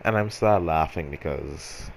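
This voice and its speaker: Guy with a really low voice rambling thru a story, keeps correcting himself, jokey about himself. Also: unhurried, vocal fry, slight background noise, low-quality recording. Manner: rambling, self-correcting, repeats phrases; wry, self-mocking humor. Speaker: storyteller vlogger. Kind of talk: casual storytime monologue.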